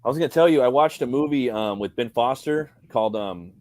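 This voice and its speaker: On a convention livestream, a man co-hosts a laid-back movie chat, rambling, swearing a lot, and often saying "you know what I mean." His medium-pitched voice is a little fast and darkish, and the recording is dry.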